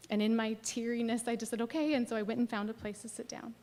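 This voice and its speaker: A woman pastor preaching a sermon, telling a personal story expressively and dropping at times to a soft near-whisper. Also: fairly high pitch, steady tone, fast talker, few pauses. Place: church sanctuary. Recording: long church hall reverb.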